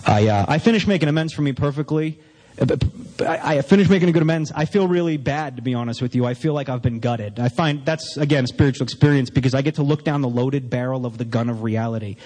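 A man's voice: medium pitch, fast talker, a little mellow, in a large hall. A man speaking as a speaker sharing his recovery story. He tells it as a confessional personal testimony and acts out both sides of the conversations.

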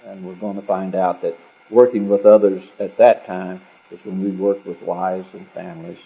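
A man's voice: low voice, vocal fry, husky. A man telling a personal story at a recovery meeting in a rambling, conversational, wry way. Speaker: speaker sharing his story at a recovery meeting. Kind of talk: storytelling talk. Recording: dull lo-fi recording.

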